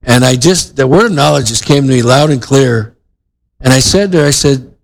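A man's voice: mid-range voice, moderate pace, poor audio. A male pastor giving a sermon in a conversational way, with frequent restarts and asides to the congregation.

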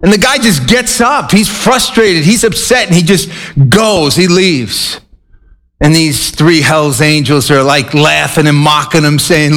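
A man's voice: a little high, unhurried, a bit bright. A man preaching a sermon, earnest and emphatic, telling anecdotes to make his point. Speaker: pastor.

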